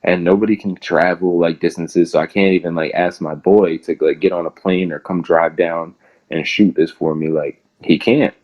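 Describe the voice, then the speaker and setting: Low-voiced young man, rambling casual storyteller. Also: fairly even intonation, moderate pace, a little mellow, muffled recording. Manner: rambling, fills nearly every phrase with "like". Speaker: interview guest.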